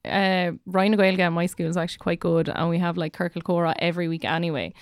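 A woman's voice: on the low side, steady tone, quick pace, clean tone, no echo. Chatty young Irish woman teacher. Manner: chatty, lots of "like" fillers. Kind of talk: casual podcast chat.

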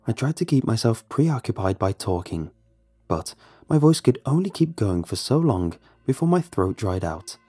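A man reads a first-person horror story in a low, dark, husky voice. His pitch moves a lot as he leans into the hushed, dramatic moments. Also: no room sound. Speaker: narrator.

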